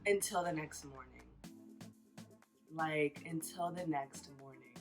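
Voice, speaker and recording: A vlogger in her thirties tells a personal story in a chatty, casual way, filling every phrase with "like." Her low-pitched voice takes things slowly, heard over music.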